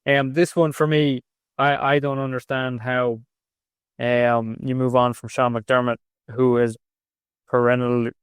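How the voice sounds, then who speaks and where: A man co-hosting a sports podcast, analysing in a halting way with many restarts. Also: medium pitch, level tone, clean tone, no echo, studio quality. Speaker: podcast co-host.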